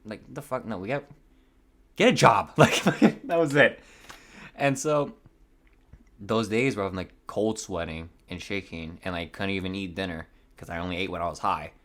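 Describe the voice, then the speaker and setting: A man's voice: low-pitched, moderate pace, a bit bright. A young man around twenty, hosting a podcast in a rambling, casual, profane monologue with nervous voice cracks. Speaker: podcast host.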